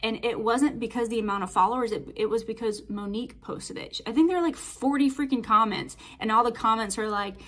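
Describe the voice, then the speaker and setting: A woman's voice: a little high, fairly quick, hardly any pauses, a bit bright. A woman fitness coach talking in a casual motivational monologue, chatty and storytelling with lots of filler words.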